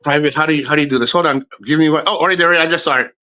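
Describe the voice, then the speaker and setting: A man's voice: fairly high pitch, steady tone, rapid-fire, pushed and bright, poor audio. A man hosting a casual livestream, talking in a rambling, jokey way and swearing freely. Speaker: livestream host.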